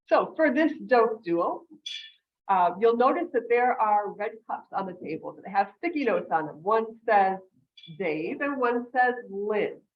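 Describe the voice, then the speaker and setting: A woman's voice: medium pitch, muffled recording. A woman club president hosting a meeting on a video call, upbeat and explanatory with fillers. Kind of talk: meeting announcements.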